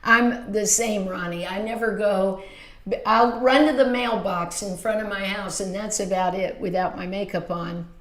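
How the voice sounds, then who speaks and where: A woman's voice: medium pitch, fairly even intonation, unhurried, echoey room. A woman in her fifties hosting a casual beauty livestream from a small home filming room, gushing and chatty as she reads viewer comments. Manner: warm, gushing and chatty, with frequent exclamations.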